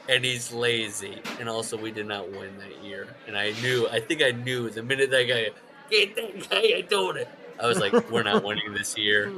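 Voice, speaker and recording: A man co-hosting a podcast in casual chat, telling stories with swearing and loud, mimicked shouts. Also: on the low side, slight background noise. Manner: animated storyteller, swears, shouts out quoted voices. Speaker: podcast co-host.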